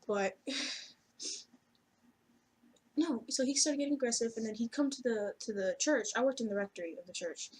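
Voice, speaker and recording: A woman's voice: a little high, measured pace, long pauses, a little mellow, breathy edge. A woman telling a personal story to camera in a casual, rambling way, full of "like" fillers and offhand swearing.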